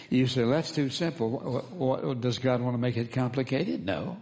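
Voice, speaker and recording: A man's voice: mid-range voice, expressive, normal speed, hardly any pauses, darkish tone. A man as pastor, preaching a sermon, calling for responses from the congregation and repeating key phrases for emphasis.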